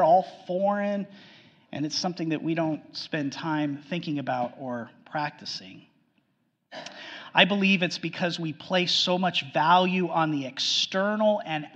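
A man preaches a sermon in a church sanctuary, earnest and repetitive, often restarting his sentences. He presses hard on key phrases, then drops to near-hushed lows. His voice sits a little high and carries a long hall reverb with slightly dull, muffled sound. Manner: earnest, repetitive, frequent restarts, swings between loud emphasis and hushed lows.

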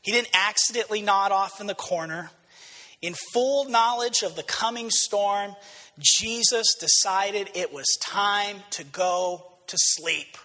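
High, bright-voiced pastor preaching in a hall. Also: male voice, unhurried. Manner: dramatic, swings between quiet and shouted quotes. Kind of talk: sermon.

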